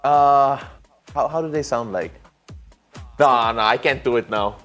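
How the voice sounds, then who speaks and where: Filipino male morning co-host, mid-pitched, teasing, with music bed. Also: measured pace, fairly bright tone. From Philippines. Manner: teasing, mixes English and Tagalog. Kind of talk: playful studio banter.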